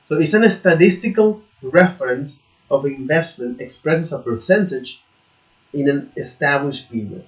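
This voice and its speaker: A man who is not a native English speaker, studying out loud on his own, halting and repeating words, now and then swearing in frustration. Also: fairly high pitch, lively intonation. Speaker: self-taught learner. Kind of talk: thinking aloud while studying. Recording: echoey room.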